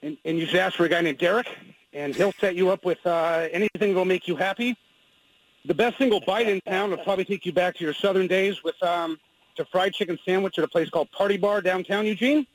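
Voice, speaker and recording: A man's voice: sits high, a little fast, rough recording. A man calling in with restaurant tips, joking in a dry way. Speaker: caller, researcher.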